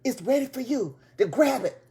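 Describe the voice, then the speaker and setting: A woman giving a live motivational talk to her viewers, excited and preachy, repeating her points and speaking in casual, folksy grammar. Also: on the high side, normal speed, a little hiss or hum. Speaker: motivational speaker and business coach. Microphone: tablet device.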